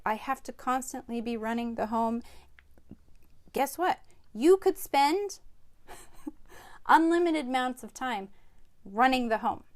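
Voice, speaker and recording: This is an upbeat woman in her forties co-hosting a casual family podcast. Her voice sits a little high and she leans hard on key words. She laughs easily between her points. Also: darkish tone. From United States. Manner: upbeat, emphatic, laughs often. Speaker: podcast co-host, parent.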